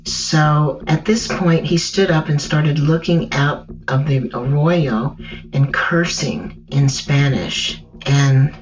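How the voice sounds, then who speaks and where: Slow, measured woman recounting her ordeal. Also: extremely low pitch. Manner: slow, measured, halting in places. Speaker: survivor telling her story. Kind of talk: first-person recollection. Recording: dull distant recording with faint music.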